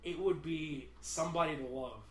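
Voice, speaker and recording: A man's voice: a little high, normal speed, a bit bright. A man co-hosting a casual podcast, rambling and swearing freely. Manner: rambling, swears casually, half-sings song lines. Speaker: podcast co-host. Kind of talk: casual chat. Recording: echoey room with faint noise.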